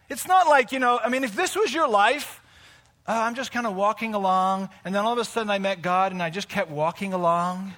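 A man's voice: extremely high pitch, pushed and bright. A man in his fifties giving a conversational sermon in a church service, personal and heartfelt, building to emphatic preaching. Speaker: pastor.

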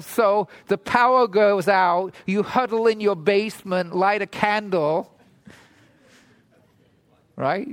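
High-voiced man preaching with rhetorical questions. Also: no room sound. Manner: conversational preaching, frequent "right?" asides, rhetorical questions. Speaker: pastor. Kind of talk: sermon. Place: church hall in Toronto.

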